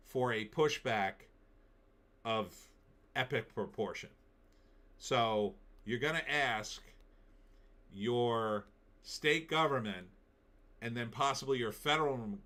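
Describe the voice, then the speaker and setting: Emphatic man with a bright voice. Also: mid-range voice. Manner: opinionated, emphatic, reads viewer comments aloud. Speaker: commentary show host. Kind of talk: political commentary monologue.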